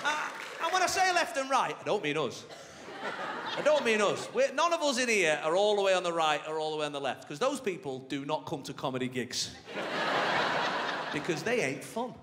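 A man doing stand-up, chatty and cheeky, his voice pitched high and swinging about animatedly. He is recorded live on a theatre stage mic, with the hall ringing around him and a crowd clearly audible. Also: very animated, fairly quick, heavy background noise. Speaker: stand-up comedian. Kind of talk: stand-up comedy set. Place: large theatre stage with a laughing audience. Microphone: stage microphone.

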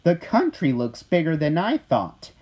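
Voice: medium pitch, huge pitch swings, measured pace, darkish tone, breathy edge, exaggerated voice. A reader voicing a curious, adventurous city hen in a storybook read-aloud, asking questions eagerly.

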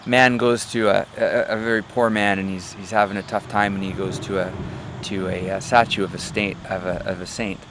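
A man with a lowish voice gives a motivational talk, halting often with fillers as he searches for words. He leans on jokes and stories to make his points, with a faint hum of background noise. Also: little pitch movement. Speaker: motivational speaker.

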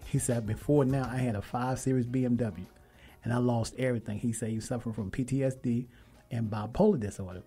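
A man hosting a radio talk show who tells stories quickly and with emphasis, acting out the lines of the people he met. His pitch sits in the middle range for a man. Faint music plays behind him. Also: slightly rough. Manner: animated, emphatic retelling with quoted dialogue. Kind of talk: casual storytelling and interview.

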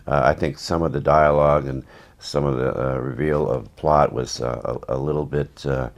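Super deep-voiced guy, an actor in an interview, rambling wry stories with dry little asides. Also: steady tone, moderate pace, muffled recording. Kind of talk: casual anecdotal storytelling.

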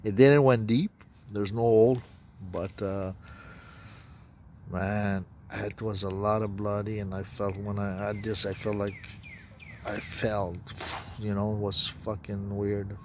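A man's voice: on the low side, little pitch movement, slow, pauses often, slight background noise. A man telling a rambling personal story, profane and meandering, with broken grammar. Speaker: self-described prophet.

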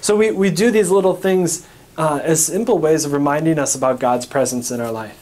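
A man's voice: fairly high pitch, brisk, a little mellow. An American man, a priest, recapping a parish teaching talk in a conversational way, asking questions and answering them himself.

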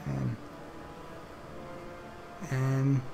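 A man's voice: medium pitch, monotone, extremely slow, vocal fry, over music. A man rambling chattily as host of gameplay commentary, with casual swearing and restarts. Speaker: gaming channel host.

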